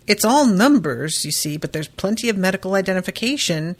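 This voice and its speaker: A woman's voice: mid-range voice, big pitch swings, brisk, few pauses. A woman hosting a podcast, recapping a book in a loose, chatty way with lots of fillers and casual swearing. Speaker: podcast host.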